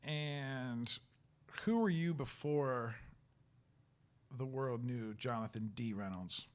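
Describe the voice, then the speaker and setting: A man hosting a podcast, chatting casually with his guest in a playful, teasing and relaxed way. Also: medium pitch, takes it slowly. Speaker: podcast host. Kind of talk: casual interview chat.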